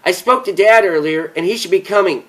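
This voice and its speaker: A man's voice: sits high, a little fast, fairly bright tone, voice pushed up. A man reading a story, voicing a young woman who chatters happily and then breaks down screaming in grief. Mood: cheerful, chatty.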